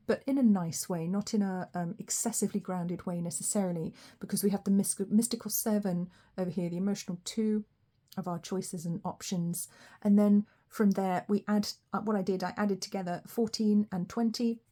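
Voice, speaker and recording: A woman's voice: mid-range voice, mellow. A woman giving a tarot and numerology reading, chatty and rambling, musing aloud as she goes. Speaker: tarot reader.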